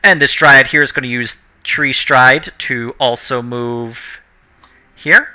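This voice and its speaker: A man's voice: mid-range voice, fairly even intonation, takes it slowly, sharp tone. A man running a tabletop game as dungeon master, explaining the rules and correcting himself as he goes.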